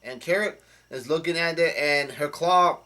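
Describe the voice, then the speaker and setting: A man's voice: fairly high pitch, moderate pace, sharp tone. A man casually recapping a comic chapter, rambling with many fillers and restarts. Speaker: channel host.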